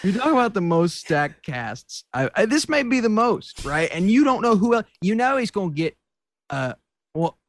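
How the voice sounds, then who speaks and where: A man co-hosting a podcast, talking excitedly in casual chat, stumbling over his words and laughing. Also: high voice, moderate pace, no echo. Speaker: podcast co-host.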